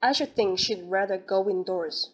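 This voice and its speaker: A woman voicing a gentle, fussy middle-aged mother in an audiobook, speaking mildly and hesitantly. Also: mid-range voice, moderate pace, slightly rough, close to an everyday voice.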